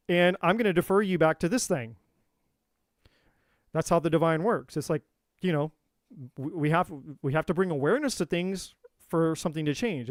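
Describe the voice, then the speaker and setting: A man hosting a live tarot stream, explaining relationship patterns in an animated, casual way and acting out quoted voices. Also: fairly high pitch, no echo, studio quality. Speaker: tarot reader and livestream host. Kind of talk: live-stream teaching talk.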